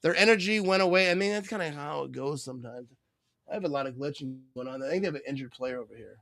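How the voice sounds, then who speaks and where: A man hosting a live sports watch party, chatting casually, joking and reading viewer comments, breaking into excited play-by-play on big plays. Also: on the high side, fast talker, vocal fry, no room sound. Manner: rambling, joking, reads viewer comments aloud.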